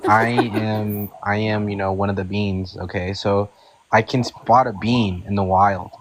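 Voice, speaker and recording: A man's voice: on the low side, fairly even intonation, a little slow, noisy background. A man in casual group chat, insistent and slangy, repeating "bro".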